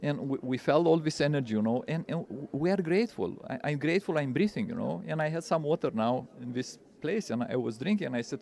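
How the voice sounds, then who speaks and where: A man's voice: mid-range voice, lively intonation, quick pace, gravelly, few pauses, darkish tone. Earnest man teaching. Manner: earnest, repeats words, non-native phrasing. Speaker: spiritual teacher. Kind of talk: interview answers.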